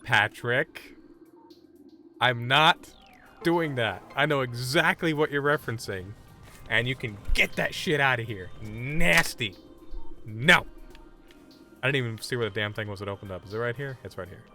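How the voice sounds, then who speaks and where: A man's voice: medium pitch, measured pace, long pauses, pushed and bright, faint music behind. A man streaming a game live, chatting casually and bluntly brushing off requests from chat. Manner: blunt, dismissive banter with chat.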